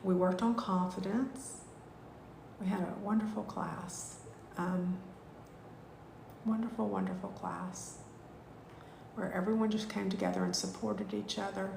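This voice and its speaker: A woman, teaching a live online spiritual class in a gushing, heartfelt way with drawn-out thank-yous. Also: mid-range voice, animated, creaky, background noise. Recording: echoey room.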